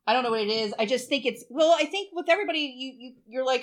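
A woman in her forties co-hosts a podcast and tells a story in a chatty, emotional way with plenty of swearing. Her high voice is animated and fast, with few pauses, in a casual chat.

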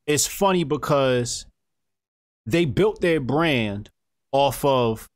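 A man in casual podcast talk, making measured arguments. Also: medium pitch, lively intonation, no echo, studio quality.

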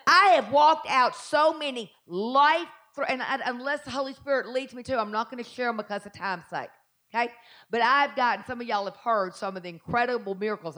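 A middle-aged woman with a Southern US accent, preaching a sermon and telling her story, building to shouted exhortation. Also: a little high.

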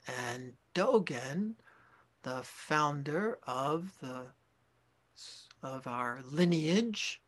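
A man gives a dharma talk as a Zen teacher, taking his time and pausing to correct himself. His voice sits a bit high and sounds soft and husky. He speaks very slowly and deliberately. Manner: slow, reflective, with pauses and self-corrections.

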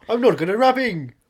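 A man improvising comedy banter on a podcast, playful and theatrical, swinging between loud outbursts and hushed asides. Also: a little high, husky. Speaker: podcast co-host playing a fake guest.

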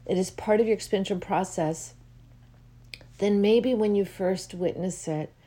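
A woman talks slowly and gently to her listeners, like a spiritual teacher sharing what she feels. Her voice is mellow and dark in tone, and her talk wanders through many fillers and soft, moved asides. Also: medium pitch. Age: adult with a child. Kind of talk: heartfelt solo talk to listeners.

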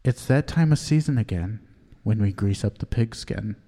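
A man playing an overly earnest male poet who chokes up while reading his own verse, in a halting, self-serious way for a comedy sketch. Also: lowish voice, lively intonation, dark tone. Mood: solemn. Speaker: guest poet. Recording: long reverb.

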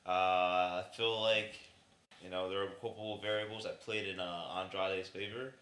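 A man's voice: low voice, steady tone, moderate pace, fairly bright tone, reverberant. A man chatting casually on a podcast, rambling and swearing freely as he reacts to a wrestling match. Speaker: podcast co-host. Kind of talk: casual chat.

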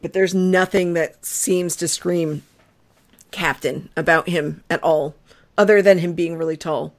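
A young woman hosting a casual podcast chat, playful and quick to laugh. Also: steady tone. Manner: playful, laughs often, swings in pitch. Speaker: podcast host.

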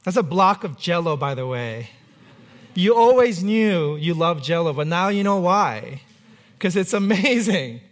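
Male pastor, high voice, relaxed conversational sermon with dry humor. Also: unhurried. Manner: conversational preaching with light humor.

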